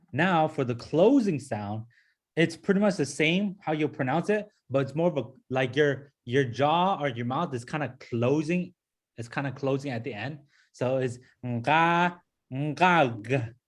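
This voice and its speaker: A pronunciation lesson comes from a language teacher whose mid-range voice has lively intonation and a normal pace. He patiently repeats sounds for the class, frequently asking "okay?" and "right?"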